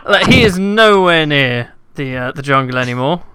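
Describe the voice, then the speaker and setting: Brief: male gamer, lively pitch, exasperated chatter. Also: moderate pace, very noisy. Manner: excitable, exasperated. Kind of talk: casual gaming chat.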